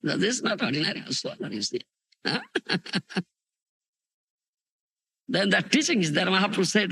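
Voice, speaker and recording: An Indian-accented man delivering a spiritual lecture, his high voice swinging widely up and down as he tells the story. The tone is very bright and a little husky. He keeps breaking off to ask his listeners whether they follow. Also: measured pace, pauses often. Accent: Indian English. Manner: animated storytelling, frequent "you understand?" and "huh?" checks. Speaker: spiritual teacher. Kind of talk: scripture lecture. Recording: dry close 1990s tape.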